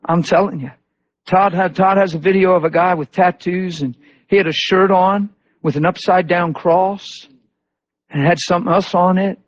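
A male preacher delivering a sermon, telling stories in a lively way and acting out the people he quotes. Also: high-pitched, normal speed. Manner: animated storytelling with voiced quotes. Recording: dull lo-fi recording.

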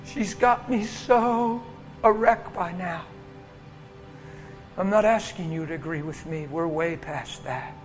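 A high-voiced male preacher tells a healing story to a congregation. He swings from hushed whispers to sudden loud bursts. Music plays under the voice. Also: slow pace. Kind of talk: sermon testimony.

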